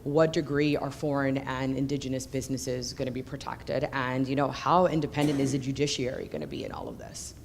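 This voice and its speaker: A woman's voice: extremely low pitch, fairly even intonation, a little fast, hardly any pauses, a little hiss or hum. A woman policy researcher asking a conference panel a question from the floor, articulate but dotted with fillers. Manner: articulate, with frequent you-know fillers.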